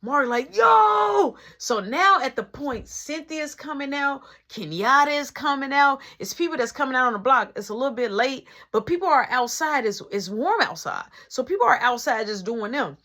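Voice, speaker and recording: A woman telling a fight story in a casual vlog, animated and dramatic, acting out sound effects. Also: high-pitched, moderate pace, few pauses.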